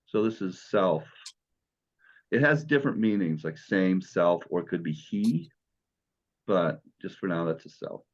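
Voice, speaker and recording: A man's voice: low voice, lively intonation, a little slow, long pauses, dull audio. A man teaching Greek in an online class, patient and encouraging as he explains step by step.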